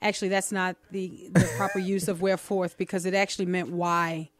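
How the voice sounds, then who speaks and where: A woman's voice: lowish voice, little pitch movement, a little fast. A woman hosting a call-in radio show, playful and teasing in casual chat. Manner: playful, teasing, laughs often.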